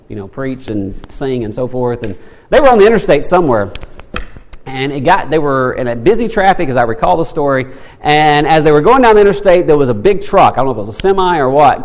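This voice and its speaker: Male Sunday school teacher, animated pitch swings, church hall reverb. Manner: animated, asks the class questions, acts out quotes. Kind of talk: Bible lesson to a church class. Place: church room.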